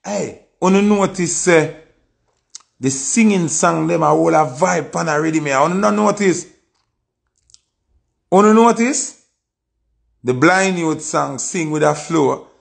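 Gravelly-voiced boastful Jamaican man. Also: on the high side, expressive, unhurried, long pauses. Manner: boastful, emphatic, repeats himself. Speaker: music reviewer. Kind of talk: livestream music review chat.

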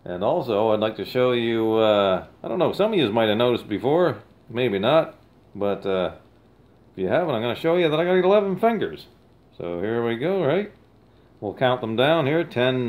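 A man's voice: mid-range voice, big pitch swings, measured pace. A man vlogging about old bottles in a folksy, rambling way, chuckling and telling jokes. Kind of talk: casual chat with jokes. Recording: slightly dull lo-fi sound.

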